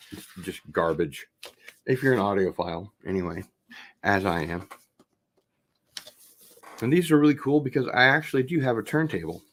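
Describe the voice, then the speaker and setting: A low-pitched man hosts a casual unboxing video, chatting in a relaxed, rambling manner and getting excited about vinyl records.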